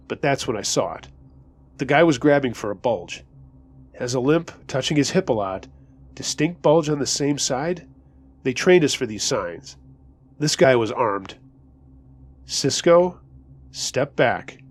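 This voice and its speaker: A man's voice: mid-range voice, darkish tone. A man narrating a first-person scary story in a conversational, tense way.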